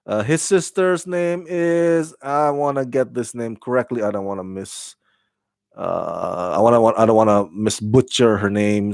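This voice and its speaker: A man's voice: medium pitch, steady tone, a little slow, gravelly, a little mellow, no echo. A man reviewing a TV episode in casual chat, rambling with many restarts and fillers and laughing at his own slips. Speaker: TV show reviewer.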